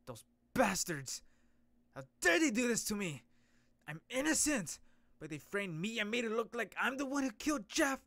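A man reading a comic aloud and voicing a furious young hero who has been framed, shouting indignantly. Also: high voice, wildly swooping pitch, normal speed, gravelly, few pauses, voice pushed up, heavily acted.

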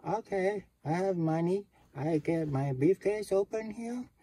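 A man voicing a tired, exasperated male traveler who swears loudly in drawn-out outbursts. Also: high-pitched, animated, slightly rough, pitched above the performer's own voice, exaggerated voice. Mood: eager. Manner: swearing, loud, slow outbursts.

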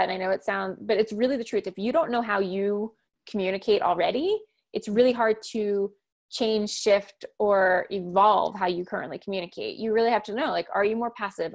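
Fast, assertive woman coach. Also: medium pitch, vocal fry. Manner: loud, fast-talking, assertive and direct. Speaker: guest, communication coach and author. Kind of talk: conversational podcast interview.

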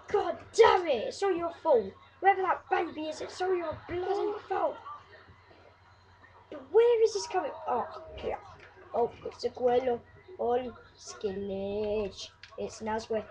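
A woman with a very high, lively voice talks her way through a football video game, crying out at missed shots and cursing her opponents. She drags her words out slowly and calls her own goals like a sports announcer. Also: slight background noise. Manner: exclaims and swears at the game, mock play-by-play calls. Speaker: gameplay commentator. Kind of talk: excitable gameplay commentary.

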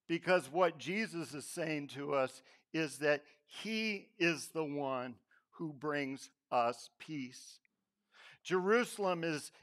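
A man preaching a Palm Sunday sermon in church, telling stories and acting out quotes, sometimes dropping to a hushed voice. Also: a little high. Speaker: pastor.

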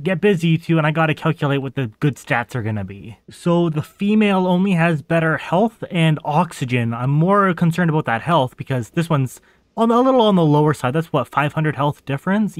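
A man with a slightly high-pitched voice chats through his own gameplay in a loose, let's-play manner. He talks straight to his viewers and grumbles when the game goes wrong. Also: dry recording. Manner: chatty, easily exasperated, talks to the audience while playing. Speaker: gaming channel host. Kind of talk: casual let's-play commentary.

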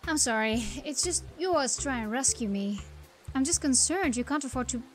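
A woman's voice: high voice, lively intonation, brisk, faint music behind. A woman reading aloud the lines of a sullen, sarcastic young student sister in a game. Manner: blunt and sarcastic.

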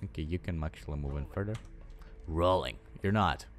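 A man's voice: rumbling low, fairly quick, soft background music. A young man commentating his own gameplay, swearing a lot and scolding his game units. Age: young adult. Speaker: gaming channel host. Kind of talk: let's play commentary.

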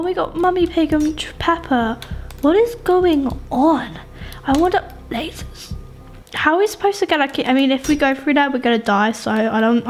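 A young woman giving excitable gaming commentary, shrieking and pleading with characters on screen. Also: sits high. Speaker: gaming YouTuber. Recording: game music behind voice. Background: music.

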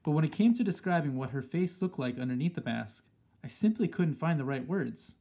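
A man reading a children's story aloud in a steady, plain storytelling manner. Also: fairly high pitch, brisk. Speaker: audiobook reader. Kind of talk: storybook narration.

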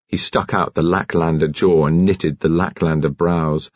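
A man reading an audiobook in a measured, expressive storytelling style. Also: sits low, no room sound, highs cut off. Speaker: audiobook narrator. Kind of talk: scripted audiobook narration.

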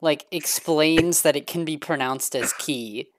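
A woman co-hosting a casual gaming podcast, laughing often and getting animated when excited. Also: low-pitched, unhurried. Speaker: podcast co-host. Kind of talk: casual chat.

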